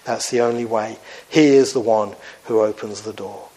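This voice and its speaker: A man preaching an evangelistic sermon. He talks earnestly, slowing down and growing softer when he appeals to his listeners. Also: lowish voice, low-quality recording. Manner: tells a parable with lifted, animated quoted voices.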